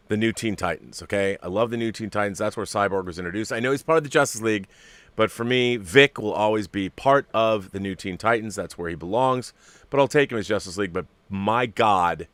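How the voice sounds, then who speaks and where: A fairly low-voiced man chats casually as the host of a live stream, reading out and answering viewer messages. He gets excitable and swears freely, sinking to hushed near-whispers and then bursting out loudly. The sound is close and dry, with no room echo.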